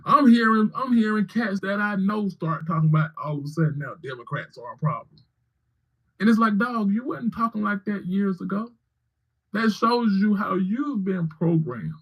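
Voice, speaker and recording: A man's voice: sits high, expressive, moderate pace, a bit bright, husky, poor audio. A man giving heated political commentary on a livestream, arguing with viewers by name and repeating his points. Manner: argumentative, repeating phrases, addressing commenters by name.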